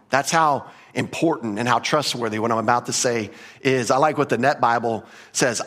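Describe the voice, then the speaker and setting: A man's voice: mid-range voice, moderate pace, fairly bright tone. A man preaching a sermon in an emphatic, conversational way, repeating key points and adding casual asides. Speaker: pastor.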